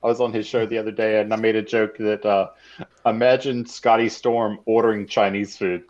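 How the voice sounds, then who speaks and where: A man's voice: on the low side, little pitch movement, a little fast, darkish tone, dull audio. A man chatting casually on a podcast panel, hesitant, with many fillers. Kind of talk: casual chat.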